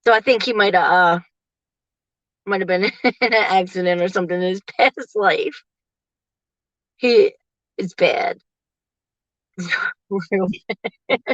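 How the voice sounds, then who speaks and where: A woman in her forties chatting casually to viewers from her parked car, laughing often and getting animated when she quotes people. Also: mid-range voice, takes it slowly, long pauses, dry recording, lo-fi sound. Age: 40s. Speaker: livestream host.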